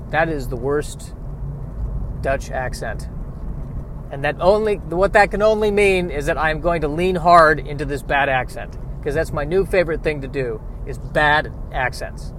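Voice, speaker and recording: An American man rambles to his audience from a car, making self-mocking jokes and side remarks. His voice sits fairly high, and a faint road noise runs underneath. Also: unhurried, a bit bright. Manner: joking, self-mocking digressions. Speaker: vlogger. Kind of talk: rambling casual chat while driving.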